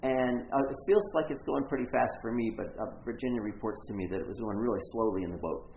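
A man's voice: medium pitch, quick pace, a little mellow, a little hiss or hum. A man preaching, telling a rambling, self-mocking story full of stops and restarts. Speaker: pastor. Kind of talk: storytelling sermon. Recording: echoey, muffled room recording.

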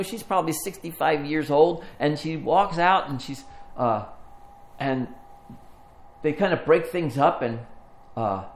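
A man preaching a sermon, telling a story and acting out the voices in it, then dropping to a hush at the tender moments. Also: on the high side.

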